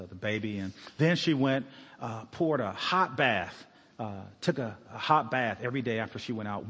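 A man, a former police officer, telling a personal story during a church sermon in an earnest, halting way with many restarts. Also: medium pitch. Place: church sanctuary. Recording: husky voice in a reverberant church.

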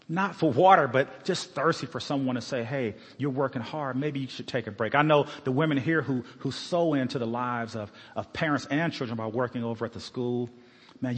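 Man, husky voice, earnest halting storytelling, sermon testimony, long church reverb. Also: medium pitch. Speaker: former police officer giving a sermon testimony. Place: church sanctuary.

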